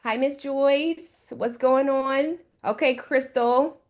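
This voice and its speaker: A woman's voice: high-pitched, fairly even intonation, slow. A woman from Jamaica teaching an online trading class over a video call, upbeat and encouraging, greeting attendees by name. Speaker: trading coach.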